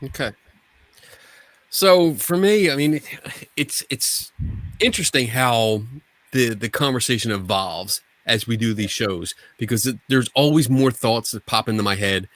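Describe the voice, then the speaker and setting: A man's voice: mid-range voice, unhurried, a bit bright, no echo. A man co-hosting a podcast, chatting casually and rambling with frequent restarts and the odd curse. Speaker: podcast co-host.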